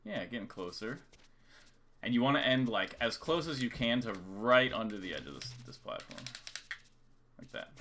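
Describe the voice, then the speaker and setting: A man's voice: medium pitch, big pitch swings, normal speed, long pauses, fairly bright tone, a little hiss or hum. Casual male coach over clicking keys. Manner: casual, repetitive counting out rhythms. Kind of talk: live-streamed game lesson. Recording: keyboard clicks and typing behind. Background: keyboard clicks and typing.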